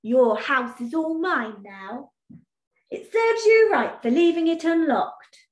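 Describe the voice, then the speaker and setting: A woman's voice: high-pitched, lively intonation, takes it slowly. A woman voicing a big, bad old male billy goat who bullies and taunts in a storybook. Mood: smug. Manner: smug and taunting. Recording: echoey room.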